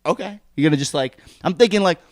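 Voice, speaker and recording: A man's voice: sits high, quick pace, dry recording, studio quality. A young man chatting on a podcast, telling stories and acting out the people in them. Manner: animated storyteller, acts out quotes. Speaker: podcast co-host. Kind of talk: casual chat.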